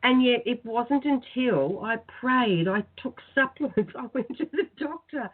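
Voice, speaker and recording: A woman, speaking in a soft, earnest, heartfelt way as a spiritual guest on a talk radio show. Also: fairly high pitch, expressive, a little slow, breathy edge. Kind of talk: phoned-in radio chat, guided prayer. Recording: tinny phone-line sound.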